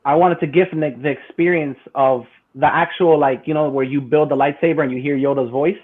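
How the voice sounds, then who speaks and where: A man hosting a podcast, telling a story in casual chat, animated and profane, laughing as he goes. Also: a little high, a little fast, breathy edge. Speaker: podcast host. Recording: tinny phone-like sound.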